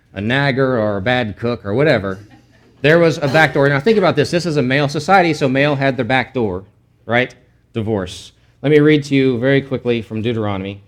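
A middle-aged man teaching a Bible lesson in a casual, explanatory way, often restarting his sentences and tossing in asides. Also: mid-range voice.

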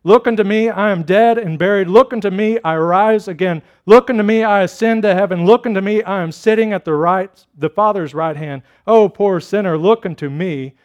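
An earnest lay preacher, put on by a male pastor mid-sermon pleads and urges in a high voice. He leans hard on each repeated word and grows loud and insistent. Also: normal speed, hardly any pauses, muffled recording, close to an everyday voice. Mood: pleading. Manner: pleading, emphatic, rising louder.

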